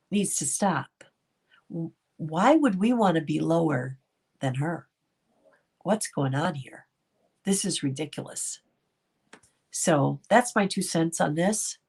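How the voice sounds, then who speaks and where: Reading chat on her casual livestream, a middle-aged commentary channel host talks to viewers by name and often laughs. Her voice is husky, fairly low, and a little mellow.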